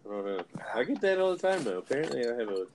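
A man's voice: mid-range voice, big pitch swings, racing, a little mellow, a little hiss or hum. A man with a northern US accent co-hosting a casual podcast chat, rambling and swearing casually. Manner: easygoing, rambling, profane. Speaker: podcast co-host.

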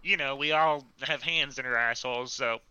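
A man's voice: mid-range voice, moderate pace, bright, forceful tone, smooth, lo-fi sound. A man voicing a crude green male puppet who swears and laughs at his own jokes. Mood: joking. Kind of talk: comedic improv.

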